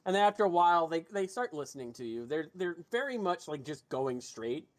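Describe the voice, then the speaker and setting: A man's voice: on the high side, big pitch swings, fairly quick. A man narrating a tabletop game as game master, casual, with frequent restarts and swearing.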